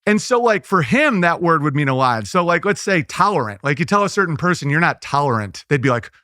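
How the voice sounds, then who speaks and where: Chatting casually in an interview, this comedian guest riffs loosely, tossing off quick impressions and asides amid frequent "like" fillers and restarts. His voice is on the high side, sing-song and sharp-toned, recorded dry at studio quality.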